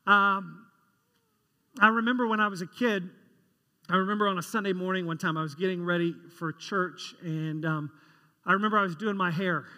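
A man's voice: high-pitched, normal speed, bright, forceful tone. A man preaching a sermon as a pastor, telling stories in a conversational way and asking the congregation questions. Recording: long reverb of a large hall.

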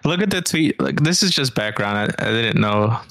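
A man co-hosting a casual podcast, explaining things in a relaxed way with drawn-out ums. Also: medium pitch, no room sound. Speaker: podcast co-host.

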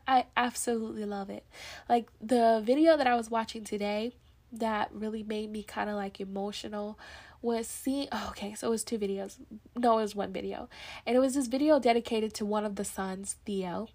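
A young woman hosting a solo podcast, talking in a rambling, reflective way with lots of fillers. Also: fairly high pitch. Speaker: podcast host. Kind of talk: casual solo podcast chat.

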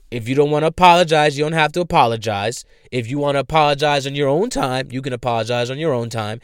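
Man, heated profane rant, repetitive emphasis, smooth clear voice, dry close sound. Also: a little high, a bit bright, dry recording. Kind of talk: ranting commentary.

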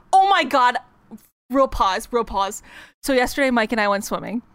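A woman's voice: fairly high pitch, lively intonation, fairly bright tone, clean tone, no room sound. Bubbly chatty young woman, dry close voice. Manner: bubbly, chatty, quick laughs. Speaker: podcast co-host. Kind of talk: casual book chat.

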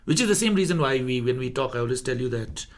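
A man's voice: medium pitch, animated, quick pace. A man talking casually and at length, giving his opinions with many fillers. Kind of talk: casual chat.

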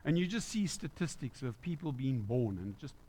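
A man's voice: mid-range voice, sing-song, normal speed, noisy background. A man preaching a conversational sermon in church, asking the congregation questions. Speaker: pastor.

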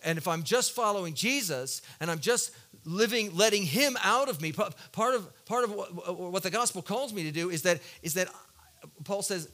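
A male pastor preaches with a bright, ringing tone, sitting a little higher than most men. He tells a personal story earnestly and confessionally, pushing into loud emphatic bursts and then dropping into soft, low stretches. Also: animated, moderate pace. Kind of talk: sermon.

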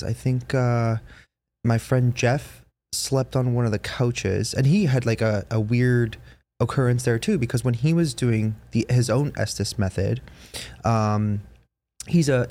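A man's voice: mid-range voice, a little mellow. A man hosting a podcast, telling a long ghost story in casual chat, full of fillers and restarts. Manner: rambling, lots of fillers and restarts. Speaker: podcast host.

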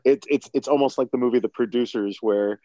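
A man's voice: medium pitch, fairly quick, warm tone, no room sound, highs cut off. A man in a casual podcast chat, animatedly retelling a movie, acting out quotes and laughing often.

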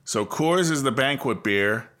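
A man's voice: mid-range voice, lively intonation, measured pace, a bit bright. Wry man co-hosting a podcast. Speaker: podcast co-host. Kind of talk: casual banter.

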